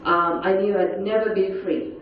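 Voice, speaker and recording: A middle-aged woman gives an earnest, intense personal testimony at a forum session in a large conference hall, acting out quotes as she tells her story. Her mid-range voice holds a steady tone at a moderate pace, with a little hiss or hum. The recording is echoey, distant and dull.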